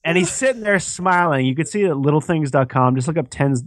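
A man's voice: a little high, animated, quick pace, no room sound, clean studio sound. A young man co-hosting a podcast, ranting sarcastically with plenty of swearing. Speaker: podcast co-host. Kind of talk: casual chat.

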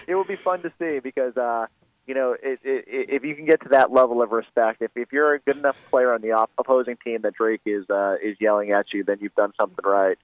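A man guesting on a sports radio show who talks fast and rambles, often restarting his sentences. His voice sits in a middle pitch. The recording is dry and close. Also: fairly even intonation, no echo, phone-quality sound. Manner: rapid, rambling, many restarts. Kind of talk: casual radio interview.

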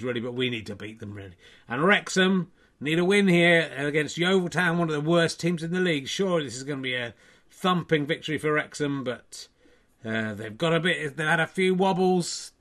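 A man's voice: on the high side, fairly bright tone. A man hosting a casual stream, reading out football scores with wry, rambling asides. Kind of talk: casual live-stream chat.

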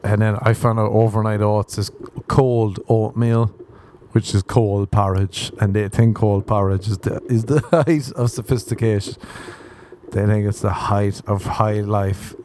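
Male podcast host, young, low mellow voice, crude rambling self-deprecating comic monologue. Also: steady tone, a little slow, a little hiss or hum. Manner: crude, rambling, self-mocking, laughs at own jokes. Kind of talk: solo comedic podcast rant.

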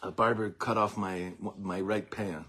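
A middle-aged man, a rabbi giving an informal Torah talk to a small group, telling animated stories with laughter and mixing Hebrew and Yiddish words into his English. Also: on the low side, measured pace, breathy edge. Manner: animated, rambling storytelling with frequent laughter.

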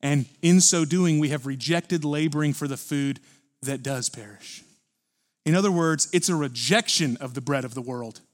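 A man preaching a sermon at a church service, earnest and building to forceful emphasis. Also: on the high side, moderate pace. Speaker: pastor.

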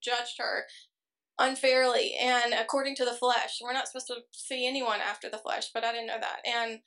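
A woman delivers a personal testimony to a church congregation, earnest, emotional and quick in her storytelling, though her fairly high, somewhat bright voice comes across flat.

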